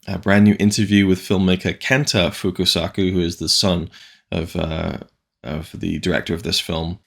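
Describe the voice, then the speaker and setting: A deep-voiced man with a gravelly, fry-tinged edge, chatting his way through new disc announcements as a channel host. He rambles and restarts often, stacking asides as he goes, and sounds keen about what he is presenting. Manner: enthusiastic. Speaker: physical media reviewer. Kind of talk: casual video rundown of new disc releases.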